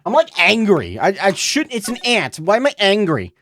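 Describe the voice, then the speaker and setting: A woman's voice: mid-range voice, wildly swooping pitch, moderate pace, a bit bright, slight background noise. A woman streamer chatting casually and dramatically while gaming, cursing freely and laughing at herself. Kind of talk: casual live-stream chat.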